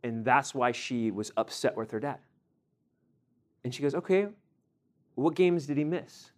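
A young man teaching a sermon to a group, animated, acting out everyday scenes and quizzing his listeners. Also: mid-range voice, measured pace. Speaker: youth teacher.

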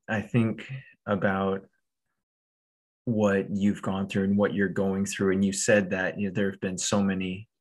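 A man with a very low voice hosts the conversation at an unhurried pace. He speaks gently and hesitantly, often restarting his sentences. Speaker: podcast host. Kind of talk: supportive interview chat.

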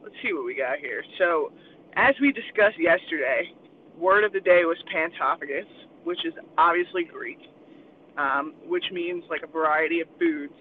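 A man's voice: a little high, normal speed. A man rambling in casual crude chat with friends, swearing and laughing a lot. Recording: tinny phone-like sound, faint noise.

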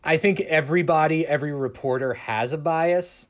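A man who grew up in the American South speaks as a guest on a casual panel. He talks in a slightly raised pitch and hesitates a lot, restarting his phrases as he thinks aloud. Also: normal speed. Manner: hesitant, many restarts and fillers. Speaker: public radio journalist guest.

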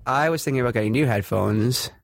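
A man's voice: mid-range voice, quick pace, creaky, no echo, studio quality. A man co-hosting a casual tech podcast, rambling with hesitant ums. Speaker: podcast co-host.

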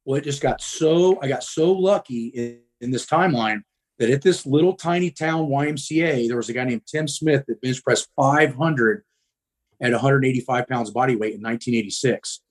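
A man's voice: medium pitch, moderate pace. Blunt, profane middle-aged man. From Midwest US. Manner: blunt, profane, frequent ums. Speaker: guest. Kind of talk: casual storytelling.

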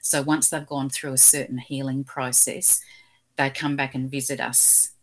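A woman from Australia, a guest in an interview, telling gentle, animated stories about talking with animals. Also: extremely low pitch, a little slow. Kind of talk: casual interview storytelling.

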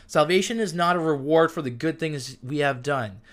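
A young man hosting a casual Bible talk who keeps getting excited, interrupting himself and reading verses aloud. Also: fairly high pitch, moderate pace. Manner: enthusiastic, gets amped and self-interrupts. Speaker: podcast host.

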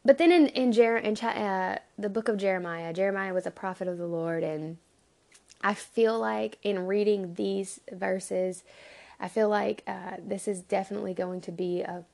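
A woman giving an earnest, halting Bible teaching, acting out pleading prayers to God. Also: mid-range voice, gravelly, dark tone.

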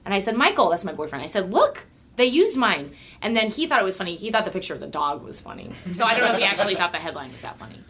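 A woman talking in a casual chat, rambling and giggly, trailing off and restarting her sentences. Her pitch bounces around a lot, swooping up whenever something amuses her. Her pitch sits in the middle for a woman. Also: very animated, racing, hardly any pauses, background noise. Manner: giggly, rambling, self-interrupting. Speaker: guest comedian.

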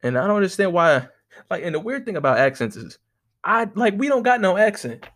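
This is an American man riffing through a comedic rant, swearing freely and drifting from one rambling story to the next. His voice sits a little higher than most men's, and he keeps up an animated, storytelling energy. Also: a little fast.

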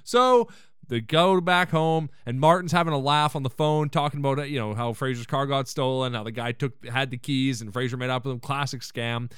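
A man hosting a podcast, casually recapping an episode in a joking, animated way with the odd swear and laugh. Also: mid-range voice, moderate pace, smooth, dry recording, studio quality. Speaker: podcast host.

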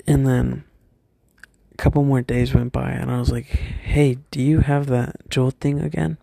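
A young man telling a personal story from his school days, hesitant and halting, often stopping and restarting. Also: mid-range voice, level tone, creaky, mellow, no room sound.

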